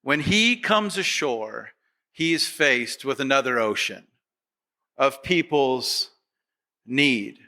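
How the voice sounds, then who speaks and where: Man, pastor, sermon, slow measured delivery, bright tone, rhetorical questions. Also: mid-range voice, lively intonation. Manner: acts out quoted voices of the congregation; repetitive, rhetorical questions to the audience.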